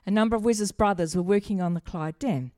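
Speaking a little fast with a mellow, medium-pitched voice, a middle-aged woman pastor delivers a sermon built around personal stories. She keeps it chatty and funny, putting questions to the congregation, and there's no room sound.

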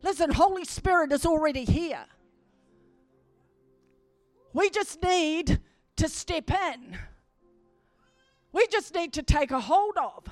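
A woman preacher telling a story in a sermon, building to emphatic, forceful swells as she preaches. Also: sits high, animated, slow pace, long pauses, no echo, faint music behind.

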